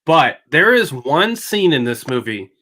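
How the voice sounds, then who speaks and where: A young man with a bright, forceful voice that sits a little high, hosting a casual panel chat over a video call. He talks in a chatty way, stumbling and restarting, cracking jokes and then turning earnest when he praises a film. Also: very animated, a little slow. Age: young adult. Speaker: host.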